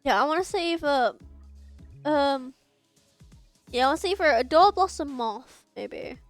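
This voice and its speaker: A woman streaming a story game, excitable and swearing freely as she reacts, often restarting her sentences. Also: sits high, moderate pace, dry recording, faint music behind. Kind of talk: casual game stream commentary.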